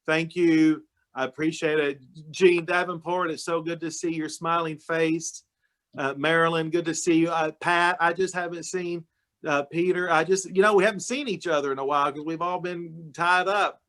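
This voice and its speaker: A man's voice: fairly high pitch, steady tone, normal speed. A man, speaking to a club meeting over a video call in a folksy, storytelling way while recovering from illness. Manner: folksy, storytelling, warm-hearted address. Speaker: county judge guest speaker. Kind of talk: casual talk to a club meeting.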